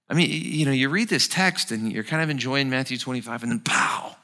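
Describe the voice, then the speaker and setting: A male pastor preaching a sermon, expressive and dramatizing the scripture as he explains it. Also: medium pitch, moderate pace.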